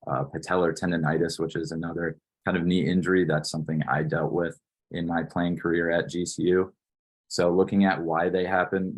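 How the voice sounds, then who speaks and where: Speaking in a deep, husky voice, a Wisconsin strength coach in his twenties presents online. He explains things steadily and instructionally, leaning often on "you know."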